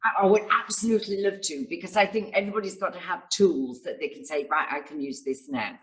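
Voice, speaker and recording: A woman's voice: lowish voice, fast talker, rough recording. A woman, a success coach, answering interview questions with enthusiastic storytelling and acted-out quotes. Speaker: guest speaker and success coach.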